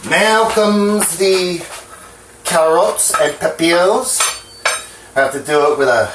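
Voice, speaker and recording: Talking slowly in a voice on the high side, a home cooking vlogger from New Jersey rambles frankly as he cooks, swearing and joking about himself, hands a bit unsteady. Background noise, echo, and faint clatter fill his home kitchen.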